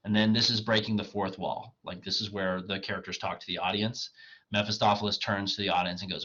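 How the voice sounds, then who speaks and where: A man's voice: fairly low pitch, little pitch movement, fairly quick, pushed and bright, slightly rough, lo-fi sound. A male literature professor lecturing casually, paraphrasing the text in everyday speech, his voice strained and cracking.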